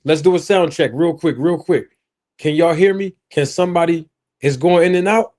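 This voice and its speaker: A man hosts a casual live stream, speaking into his own microphone and joking animatedly straight to his chat. His voice is on the high side and moves at a moderate pace.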